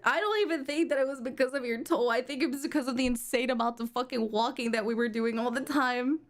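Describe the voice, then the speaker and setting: A woman streamer hosting a casual chat, excitable and profane, quick to protest. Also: sits high. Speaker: streamer host.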